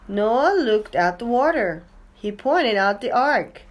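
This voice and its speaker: A woman reads a picture-book story to young children. Her voice sits a little high and moves in wide, lively curves. She takes her time over every line. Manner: slow, clear, expressive reading. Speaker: storybook reader.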